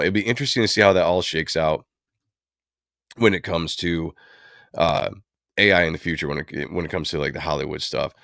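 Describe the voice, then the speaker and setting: A man's voice: low-pitched, a bit bright, dry recording, studio quality. A man hosting a livestream, talking casually and at length, rambling with many fillers. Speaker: livestream host. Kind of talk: casual commentary on comic book films.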